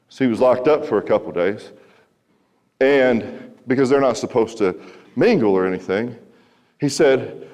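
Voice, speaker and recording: A man's voice: mid-range voice, a little mellow. A man in his thirties telling a wry, conversational story to a school audience and asking them questions. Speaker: recovery speaker. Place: large school hall. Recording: hall reverb.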